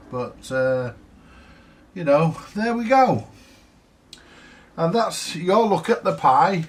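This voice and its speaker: A man's voice: mid-range voice, vocal fry, recorded from a distance. A man chatting casually about a repair job, rambling with lots of fillers and the odd swear word. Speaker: vintage audio repair vlogger. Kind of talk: casual workshop talk to camera.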